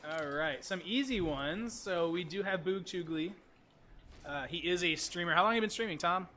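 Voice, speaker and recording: Bright-voiced man hosting a gaming stream. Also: high voice, moderate pace. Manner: playful, self-deprecating, chatty. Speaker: host. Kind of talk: casual livestream chat while gaming.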